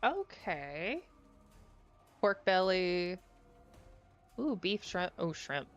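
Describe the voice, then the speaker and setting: A young woman chats through a live stream, excitable and thinking out loud. Her voice sits fairly low. The audio is dull and lo-fi, with quiet music underneath. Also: drawn-out words. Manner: chatty, easily excited, musing aloud. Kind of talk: casual stream chat while playing.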